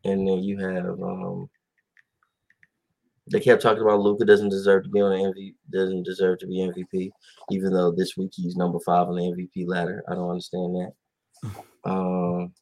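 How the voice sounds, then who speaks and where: A man's voice: low-pitched, completely flat delivery, moderate pace, gravelly, darkish tone. A man hosting a casual talk show, rambling animatedly with many fillers and acted-out quotes. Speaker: podcast host. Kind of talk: casual chat about basketball.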